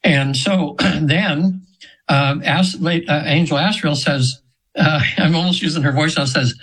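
Seventy-something guy telling a story to the host, kinda high voice, lots of ums and restarts. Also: steady tone, moderate pace, fairly bright tone, poor audio. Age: 70s. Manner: rambling, with many fillers and restarts. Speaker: guest practitioner of trance sessions.

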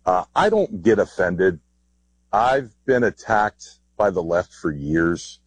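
Husky, low-voiced male veteran. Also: expressive, slow, poor audio. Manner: defiant, blunt. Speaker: military veteran guest. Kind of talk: interview clip.

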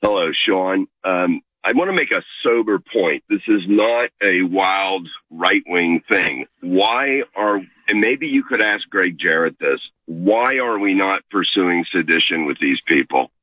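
A male caller on a talk radio show, his very low voice squeezed through a tinny phone line. He lays out his point earnestly and in a measured way. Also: lively intonation, no room sound.

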